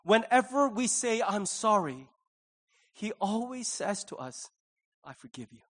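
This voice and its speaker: A man's voice: sits high, sing-song, unhurried, a bit bright. A middle-aged male pastor preaching a conversational sermon, acting out little quoted voices along the way.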